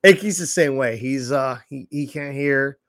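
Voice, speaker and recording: A man's voice: medium pitch, normal speed, dry recording, clean studio sound. A man co-hosting a podcast in casual chat, swearing freely and acting out the people in his stories. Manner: animated, profane, acts out quoted voices. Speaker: podcast co-host.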